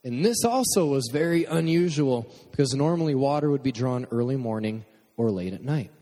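A young man from Michigan preaching a sermon in a relaxed, conversational way, joking with the congregation between points. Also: medium pitch, moderate pace. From Michigan, USA. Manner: conversational, jokey asides to the congregation. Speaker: pastor. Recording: long hall reverb.

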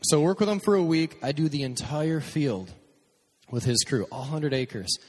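A man's voice: a little high, expressive, moderate pace, breathy edge. A man preaching a casual storytelling sermon as pastor, joking and acting out his own stories. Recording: long hall reverb.

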